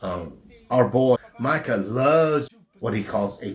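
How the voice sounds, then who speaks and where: A middle-aged man, a pastor, speaking slowly and haltingly in an interview, with a slight southern drawl since his stroke. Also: mid-range voice, lively intonation. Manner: slow, halting speech with restarts after a stroke. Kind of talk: personal interview.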